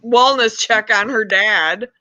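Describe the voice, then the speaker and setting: A woman's voice: on the high side, takes it slowly, sharp tone, no echo, muffled recording. A woman in a casual chat, talkative and telling stories with little quoted voices.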